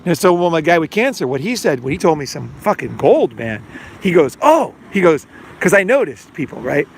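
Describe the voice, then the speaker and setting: A creaky, fairly high voice with big pitch swings belongs to this middle-aged podcast host and life coach, who talks fairly quickly. His casual monologue meanders, stuffed with fillers and performed quotes, with a little hiss or hum behind it.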